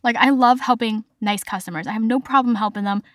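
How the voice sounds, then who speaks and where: A woman's voice: on the high side, fairly quick, no room sound, clean studio sound. A young woman hosting a podcast, telling stories in a chatty, casual way, full of "like" fillers. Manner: chatty, lots of "like" fillers, animated retelling. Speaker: podcast host. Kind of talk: casual storytelling monologue.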